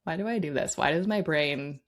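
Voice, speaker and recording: A woman's voice: low-pitched, fairly quick. A woman co-hosting a sports podcast, talking casually with lots of fillers. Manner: chatty, many "like" fillers. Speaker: podcast co-host.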